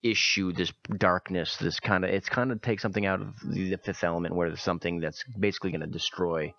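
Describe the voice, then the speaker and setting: A man's voice: sits low, fairly even intonation, fast talker, creaky, a bit bright, lo-fi sound. A man reviewing a film on a radio chat show, eager and rambling with stumbling restarts.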